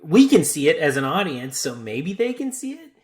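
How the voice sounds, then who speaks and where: A man's voice: fairly high pitch, big pitch swings, moderate pace, darkish tone. A man co-hosting a casual movie review podcast, laughing easily and swearing casually. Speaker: podcast co-host.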